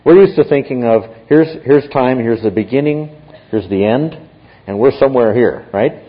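A man's voice: mid-range voice, moderate pace. Man teaching a Bible lesson, lo-fi. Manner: explanatory, often checks in with "Okay?". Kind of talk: classroom Bible lecture. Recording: dull lo-fi recording.

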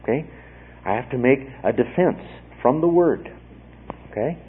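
A man's voice: mid-range voice, animated, moderate pace, breathy edge. A man giving a Bible study lecture, explaining patiently and checking in often with his listeners. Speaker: Bible teacher. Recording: phone-like narrow band.

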